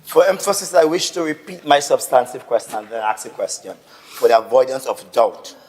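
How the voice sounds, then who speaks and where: A man's voice: mid-range voice, fairly quick, darkish tone. Indignant Trinbagonian assemblyman in a reverberant chamber. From Tobago. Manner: indignant, insistent, repetitive. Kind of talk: parliamentary debate.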